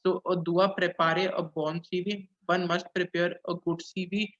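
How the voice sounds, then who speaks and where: A man teaching a French lesson online, translating phrase by phrase and pausing on "uh"s as he explains. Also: high voice, little pitch movement. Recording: dull lo-fi audio.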